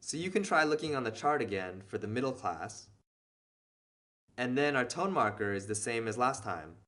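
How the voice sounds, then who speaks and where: A man's voice: medium pitch, expressive, normal speed, bright, forceful tone. A man patiently explaining a beginner reading lesson step by step, as the teacher of a language video series.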